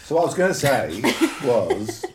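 A man from England chats on a podcast and keeps throwing teasing questions at the others. His pitch moves a lot. A faint hiss runs under the recording. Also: sing-song, unhurried, echoey room. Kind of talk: casual chat.

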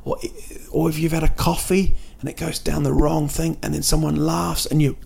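A man's voice: on the high side, level tone, moderate pace, creaky, darkish tone, husky. A man, hosting a podcast as a comic monologue, rambling and jokey with lots of restarts and fillers. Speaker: podcast host and comedian. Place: indoors at night in a city.

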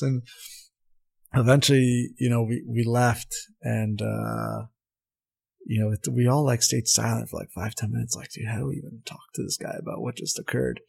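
Gravelly, husky man telling a story. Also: mid-range voice, normal speed. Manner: animated, laughs at his own story, acts out quotes. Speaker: guest, assistant soccer coach and former pro player. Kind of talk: casual storytelling in a podcast interview.

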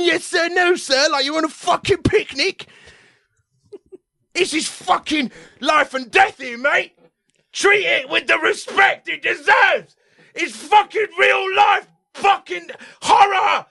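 A man's voice: very high voice, slow, creaky, no echo, clean studio sound, voice pushed up, heavily acted. Man doing a furious swearing tough guy. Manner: shouting, swearing, intense. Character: enraged gruff man yelling at a teen actor.

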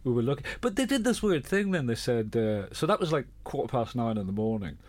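A man's voice: medium pitch, very animated, a little fast. A man hosting a casual comedy podcast chat, teasing his guests with dry quips. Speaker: podcast host.

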